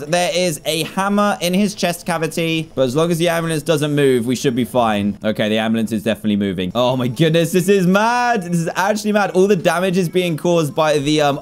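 A young man giving excitable gameplay commentary, often exclaiming and laughing. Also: on the high side. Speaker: gaming YouTuber.

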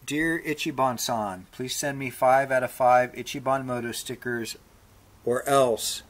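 A man's voice: mid-range voice, fairly even intonation, moderate pace, fairly bright tone, a little hiss or hum. Laid-back man reading viewer mail. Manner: laid-back, dry humor; plays along with joke letters. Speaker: motorcycle channel host.

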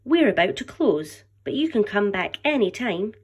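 A woman's voice: mid-range voice, very animated, moderate pace, breathy edge, pitched above the performer's own voice. A woman reading aloud as a cheerful, helpful female museum curator in a picture book. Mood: friendly.

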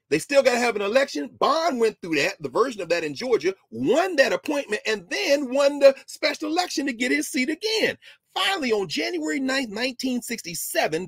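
Husky, lively man lecturing on history. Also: sits high, dry recording. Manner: animated, emphatic storytelling with casual asides. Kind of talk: history lecture on a talk show.

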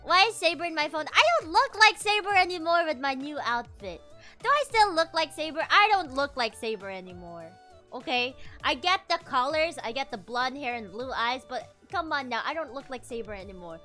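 A woman VTuber chatting casually on a livestream, animated and giggly, rambling with lots of fillers. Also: sits high, a little fast, soft background music. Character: princess from another world. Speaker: VTuber streamer.

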